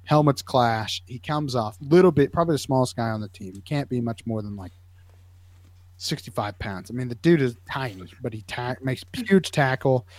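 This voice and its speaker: Animated storytelling man, dry close sound. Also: a little fast, no room sound. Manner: animated, acts out high squeaky kid voices in his stories. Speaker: podcast co-host, sideline medic. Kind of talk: casual storytelling chat.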